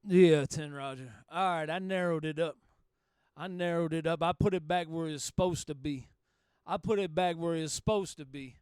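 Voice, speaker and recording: A man's voice: a little high, moderate pace, darkish tone, smooth, no echo, studio quality. A man chatting over CB radio in a folksy, salty way, repeating himself. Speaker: CB radio operator. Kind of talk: CB radio chat.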